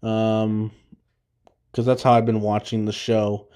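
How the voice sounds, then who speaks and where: Here the podcast host's voice is lowish, dark and smooth, with little pitch movement and a slow pace. The young man rambles through an episode recap, restarting often, leaning on fillers and laughing at his own humor.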